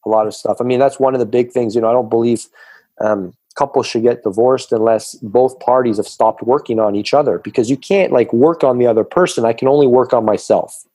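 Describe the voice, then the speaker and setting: A middle-aged man speaks as a fitness coach on a podcast, with a mellow, slightly husky voice. He drives his points home emphatically and slips into quoted voices to act out arguments. The sound is close and dry. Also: mid-range voice, fairly quick, dry recording. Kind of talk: casual podcast conversation.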